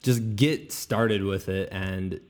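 A man's voice: low-pitched, steady tone, slow pace. A man hosting a podcast, chatting casually, rambling and stumbling over his words and laughing easily. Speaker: podcast host.

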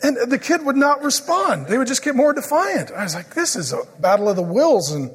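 A middle-aged man preaching a sermon, joking through family stories and turning quiet and earnest when he prays. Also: extremely high pitch, very animated, a little fast, husky. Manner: joking storyteller who turns quiet and earnest in prayer. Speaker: pastor. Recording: long hall reverb.

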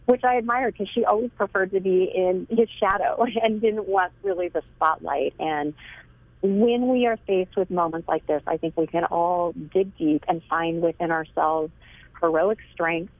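A woman's voice: on the low side, normal speed, no echo. A woman author being interviewed, telling heartfelt stories earnestly and laughing lightly now and then. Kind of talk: phone interview. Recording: tinny dry phone line.

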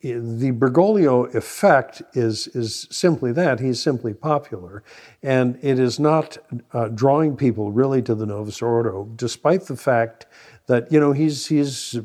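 A man's voice: medium pitch, measured pace, a little mellow. A man, a priest co-hosting a radio discussion, speaking hesitantly with many ums and uhs. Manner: hesitant, filler-heavy. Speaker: priest co-host.

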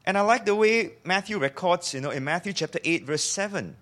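A man's voice: sits high, animated, brisk, fairly bright tone. A man preaching a sermon in a conversational way, asking his listeners questions and acting out quoted lines. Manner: acts out quoted speech in shifting voices.

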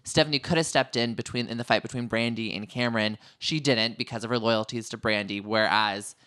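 A man co-hosting a podcast, talking through a reality episode in a loose, chatty way. His voice is bright and forceful, with a smooth, crisp clarity. He tells the story with lively energy. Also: medium pitch, brisk. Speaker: podcast co-host. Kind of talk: casual recap chat.

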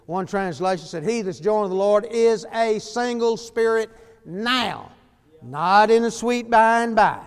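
A man's voice: high-pitched, lively intonation, measured pace, clear, resonant tone, big-room sound. A man preaching an emphatic, folksy sermon and breaking into hallelujahs. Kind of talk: fiery sermon.

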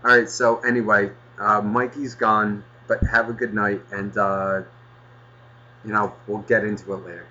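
A man rambles through a casual podcast with a bright, forceful edge, cursing freely and working himself into mock rants. The recording is dull and lo-fi, like a home setup. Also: lowish voice, little pitch movement, moderate pace. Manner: rambling, swears often, flares into mock anger. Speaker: podcast host.

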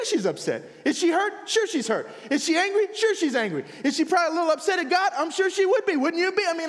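Animated high-voiced preacher in a church. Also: male voice, in a large hall. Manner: conversational, animated, rhetorical questions. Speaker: pastor. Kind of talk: sermon. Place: church sanctuary.

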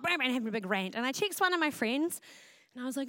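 A woman preaching a sermon in a loud, expressive style. Her voice is fairly high, smooth and resonant. It sounds close and dry, with almost no room echo. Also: fast. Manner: loud, expressive preaching with acted self-talk. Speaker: pastor.

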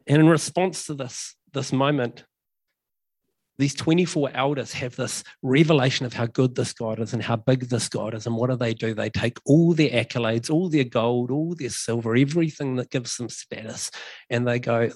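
A man delivers a sermon in a relaxed, conversational way. He fills pauses with ums and repeats key phrases for emphasis. His voice sits at a middle pitch, recorded dry and close. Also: slightly rough, no echo. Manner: conversational, many ums and fillers, emphatic repetitions. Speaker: preacher.

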